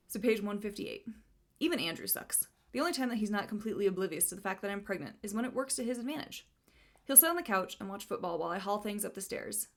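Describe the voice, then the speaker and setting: A woman reviewing books casually, reading passages aloud with amusement and laughing at the funny parts. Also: medium pitch. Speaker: book vlogger.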